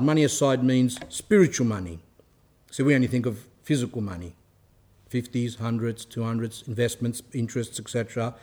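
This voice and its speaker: A man's voice: mid-range voice, steady tone, brisk, a little mellow. A man giving a spiritual talk, reading quotes aloud and explaining them in a conversational way. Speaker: religious teacher. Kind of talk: spiritual talk reading and commenting on a saint's life.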